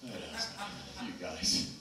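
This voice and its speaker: A man from Los Angeles doing a loose, rambling stand-up set with crowd work. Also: slow. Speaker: stand-up comic. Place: small comedy venue. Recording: echoey room from far off, noisy.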